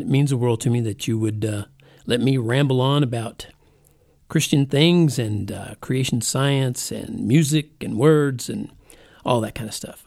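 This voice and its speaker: A man's voice: medium pitch, darkish tone. Rambling male podcast host, chatty. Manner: rambling, self-mocking, conversational. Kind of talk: casual monologue.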